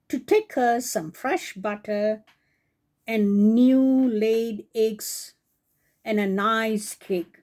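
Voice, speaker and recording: A woman reading a fairy tale aloud for children, slowly and gently, stopping to talk to her young listeners. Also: on the high side. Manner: slow, with chatty asides to young listeners. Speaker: storyteller on a kids' channel.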